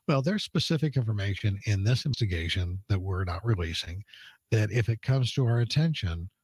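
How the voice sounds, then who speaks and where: A middle-aged police spokesman with a fairly low voice talks as a guest on a radio show. He explains things earnestly and patiently, with plenty of "uh" fillers between thoughts. The sound is close and dry. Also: expressive, brisk, darkish tone, slightly rough, no room sound. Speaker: police public information officer.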